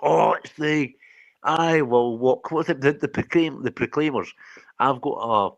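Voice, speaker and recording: A man's voice: on the high side, moderate pace, gravelly, no room sound. A Scottish man co-hosting a stream, telling stories in casual, laughing, heavily profane banter. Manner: animated, laughing, profane storytelling. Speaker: co-host of a live stream. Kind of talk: casual banter with heavy swearing.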